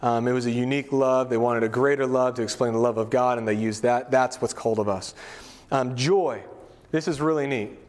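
A man's voice: mid-range voice, steady tone, brisk, darkish tone. A middle-aged male pastor preaching a casual, conversational sermon, full of asides, fillers and family stories.

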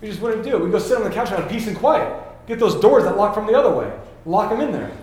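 Man, pastor, casual sermon, acts out quotes, high voice, roomy echo. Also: animated, quick pace, a little mellow.

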